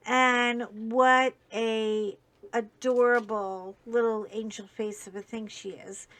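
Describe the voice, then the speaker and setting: A woman hosting a casual live stream while coloring, talking in a slow, emphatic, indignant way. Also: a little high, a bit bright.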